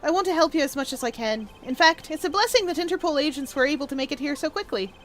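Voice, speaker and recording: A woman doing a suave low-voiced male ambassador. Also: fairly even intonation, normal speed, natural voice. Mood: ingratiating. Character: fussy middle-aged male ambassador, smooth and polite.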